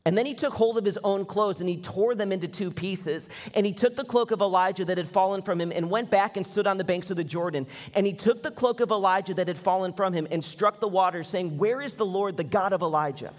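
A man's voice: sits high, brisk, few pauses. A male pastor preaching a sermon, telling a Bible story in a casual way and briefly acting out the characters' lines. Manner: storytelling, acts out quoted lines. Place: church auditorium. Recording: long hall reverb.

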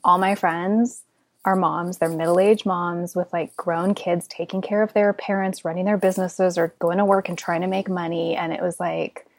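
A woman's voice: fairly low pitch, little pitch movement, moderate pace, no room sound. A woman speaking as a podcast guest, thoughtful and searching for words as she talks. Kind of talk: casual podcast conversation.

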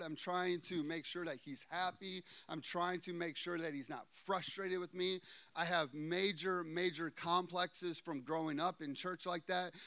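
A man's voice: a little high, sharp tone, dry recording. A man preaching a sermon, reading scripture and adding playful, chatty asides that keep checking in with his listeners.

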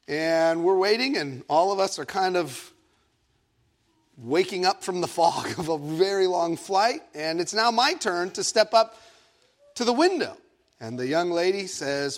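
A man from Egypt preaching a sermon, telling a story in an animated, playful way with self-mocking asides. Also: sits high. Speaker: pastor.

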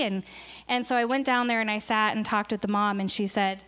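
A woman's voice: medium pitch, steady tone, fairly quick, a bit bright, clean tone. A woman speaking in church as a missionary, telling an emotional story earnestly, with fillers. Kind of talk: church talk.

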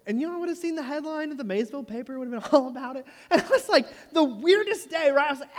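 A man's voice: very high voice, quick pace, few pauses. A man in his thirties preaching a sermon, telling a story with humor and often checking in with "right?". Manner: animated, jokey storyteller who asks the room "right?". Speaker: pastor. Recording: long reverb of a large hall.

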